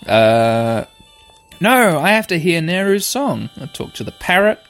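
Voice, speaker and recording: A young man playing a video game, playfully and excitably narrating what happens and reading the text aloud. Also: on the high side, measured pace. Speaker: game player. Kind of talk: let's play commentary. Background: faint game music.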